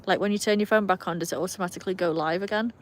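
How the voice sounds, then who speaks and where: A woman's voice: mid-range voice, steady tone, racing. A young British woman hosting a casual live stream from her phone outdoors, chatting and reading viewer comments aloud with a self-mocking manner. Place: outdoors in cold weather with her dogs.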